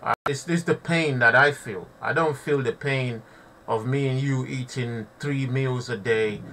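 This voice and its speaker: A man's voice: mid-range voice, unhurried, recorded from a distance, background noise. A man giving impassioned live commentary to his audience, preaching and repeating himself, often calling listeners family. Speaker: online preacher.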